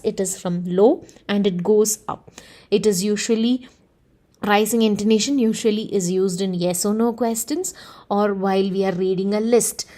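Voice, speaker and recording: A woman's voice: mid-range voice, warm tone. A woman teaching an English lesson, explaining carefully and speaking example sentences aloud. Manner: measured, explains with spoken examples. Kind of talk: explanatory lecture.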